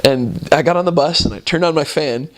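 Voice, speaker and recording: A man, a returned missionary, telling casual stories about his mission in a relaxed, rambling way with frequent chuckles. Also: fairly high pitch, fairly quick.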